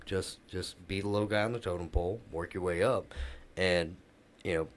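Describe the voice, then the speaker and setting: A man's voice: low voice, normal speed. A middle-aged man, a podcast co-host, telling a workplace story in casual chat and acting out the quoted dialogue.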